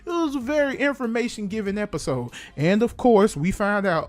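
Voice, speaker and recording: High-voiced young man, slangy and animated. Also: fairly quick, no echo. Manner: animated, slangy, acts out scenes. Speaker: anime reviewer. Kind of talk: casual review vlog.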